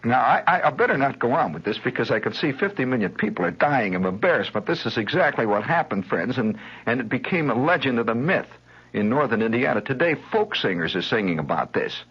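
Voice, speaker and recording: A man telling a rambling, wry childhood story as a radio monologue, animated and chuckling, on a lo-fi 1970s broadcast. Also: medium pitch, brisk, slightly rough.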